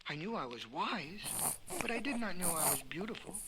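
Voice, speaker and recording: A man's voice: sits high, very animated, normal speed. A man voicing a proud, wise cave woman in a storybook reading, speaking firmly and dismissively. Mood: bargaining. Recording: crackly vinyl record under loud music.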